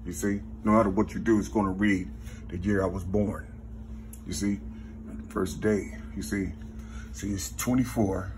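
A man's voice: fairly even intonation, background noise. A man, rambling through a spiritual numerology monologue, counting numbers half-aloud and repeating "you see". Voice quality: very husky, slow, low-key. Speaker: self-taught numerology teacher.

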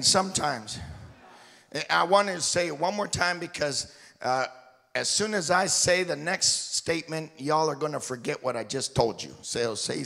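A man's voice: on the high side, vocal fry, pushed and bright. A man preaching a sermon as a missionary, calling on the congregation to repeat after him and joking with them. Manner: call-and-response with the congregation; jokes with the crowd. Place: church sanctuary. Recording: echoey church hall.

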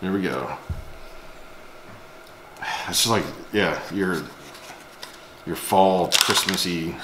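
A man's voice: deep voice, slow. A man co-hosting a casual on-camera chat, making short teasing, dry remarks. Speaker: co-host and partner of the host. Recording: roomy echo with clear background noise.

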